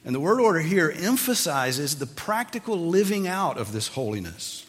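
A man's voice: fairly high pitch, normal speed, big-room sound. A man preaching a sermon as pastor, teaching and asking his listeners emphatic questions. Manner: animated, rising to emphatic questions.

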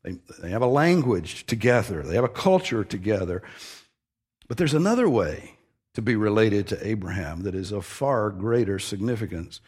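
Husky-voiced man preaching emphatically. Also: on the low side, sing-song, normal speed, a little mellow. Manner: emphatic, earnest teaching with repeated stressed phrases. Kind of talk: expository sermon.

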